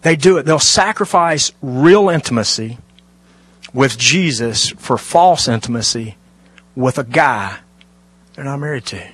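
Man, pastor, lively sermon delivery, hushed asides, dry close recording. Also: medium pitch, unhurried, slightly rough, no echo. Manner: animated preaching, dropping to hushed asides.

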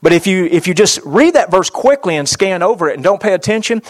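A middle-aged pastor delivers a sermon in a voice pitched a little above most men's. He talks straight at his listeners and drives points home through repetition. Small "uh" fillers run through his delivery. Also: animated, brisk. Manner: direct and exhortative, repeats phrases, frequent "uh" fillers.

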